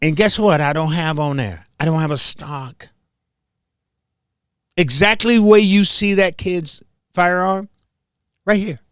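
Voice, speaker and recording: A man's voice: high-pitched, a little slow, long pauses, fairly bright tone, smooth, no echo, studio quality. A man from Memphis hosting a heated commentary monologue, confrontational and emphatic, hammering points home by repeating them. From Memphis, southern US. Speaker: host.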